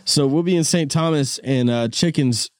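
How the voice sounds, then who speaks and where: A man's voice: a little high, moderate pace, a little mellow, no room sound, clean studio sound. A man hosting a podcast who tells casual, rambling stories and swears freely. He laughs often and calls people "dude" in a laid-back way. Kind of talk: casual storytelling chat. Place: studio room. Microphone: studio mic with cord.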